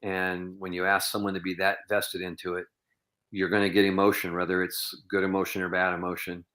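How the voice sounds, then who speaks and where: A man's voice: low voice, monotone, a little fast, sharp tone. A man guest on a podcast interview, telling long anecdotes in an earnest, reflective way, with many "you know"s and "um"s. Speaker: podcast guest, professional bowler.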